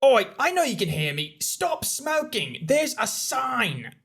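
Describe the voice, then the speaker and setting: A blunt, exasperated commuter telling off a smoker, as a man reads him. The voice is husky, with pitch that jumps around. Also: sing-song, takes it slowly, fairly bright tone, heavily acted. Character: irritated bus passenger confronting a smoker.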